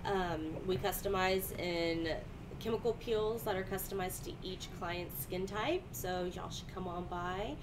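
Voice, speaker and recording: A woman's voice: fairly low pitch, measured pace, noisy background. A woman, a first-time guest, shyly introducing herself on a live show. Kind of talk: casual self-introduction.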